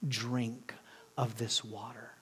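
A frightened, thirsty young girl in a retold storybook scene, voiced by a preaching man. She pleads and hesitates. The voice has a husky edge. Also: medium pitch, flat delivery, slow pace, a bit bright, pitched below the performer's own voice, exaggerated voice. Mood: fearful.

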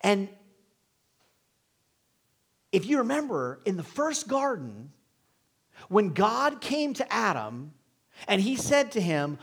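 Husky, animated male preacher. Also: extremely high pitch, slow, long pauses. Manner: dynamic preaching, swings from hushed to emphatic. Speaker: pastor. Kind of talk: sermon.

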